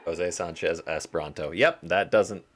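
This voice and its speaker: A young man streams a game live, rambling and cracking jokes both to himself and to his chat. His voice is low-pitched and a little bright, moving at a normal speed.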